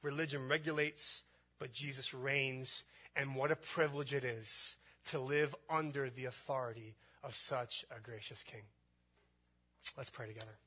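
A man's voice: mid-range voice, steady tone, moderate pace, pushed and bright, husky. A man preaching a sermon, building emphasis through repeated phrases. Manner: preaching with rising emphasis and repetition. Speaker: pastor.

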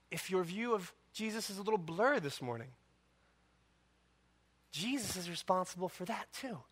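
A man preaching a sermon as pastor, impassioned and full of rhetorical questions and dramatic pauses. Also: high-pitched, lively intonation, a bit bright, slightly rough.

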